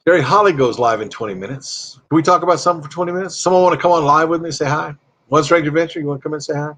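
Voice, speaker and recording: A man's voice: on the high side, racing, a bit bright. Rambling chatty man hosting a live stream. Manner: rambling, reads viewer comments aloud; chatty and friendly with viewers. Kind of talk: casual live-stream chat.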